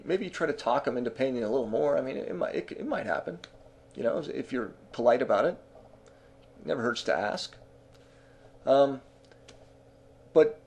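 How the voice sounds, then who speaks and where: A man's voice: medium pitch, a little mellow. A man talking through music business advice in a casual, conversational way, with frequent fillers and restarts.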